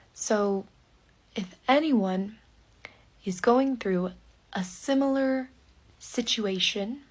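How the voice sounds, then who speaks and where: A woman telling a personal story very slowly in short, separate phrases, often dropping to a breathy half-whisper. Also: medium pitch. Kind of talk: slow personal storytelling for learners.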